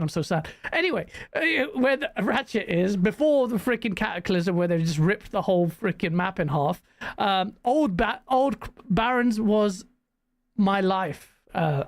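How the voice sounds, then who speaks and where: A woman hosting a gaming news stream in casual chat, rambling and animated and laughing often. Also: medium pitch, no echo.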